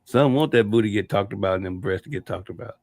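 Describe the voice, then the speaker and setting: A middle-aged man co-hosting a casual chat show, folksy and quick to laugh, often repeating himself. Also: lowish voice, creaky, darkish tone, no room sound. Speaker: co-host.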